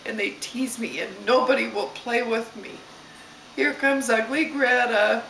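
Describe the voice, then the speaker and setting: A woman's voice: fairly high pitch, a little slow, vocal fry, fairly bright tone, slight background noise, pitched above the performer's own voice. A woman voicing a sad, teased young schoolgirl in a plaintive, pleading way, as part of a story. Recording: echoey room, distant mic.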